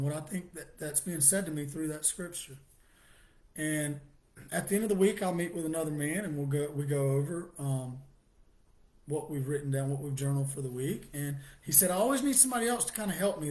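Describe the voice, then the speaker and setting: Man, middle-aged, personal testimony, halting, restarts, soft laughs, higher voice.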